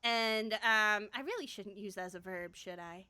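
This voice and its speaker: A woman's voice: medium pitch, moderate pace, pushed and bright, clear, resonant tone. A woman streamer chatting casually about her own characters, rambling with lots of fillers and frequent laughter.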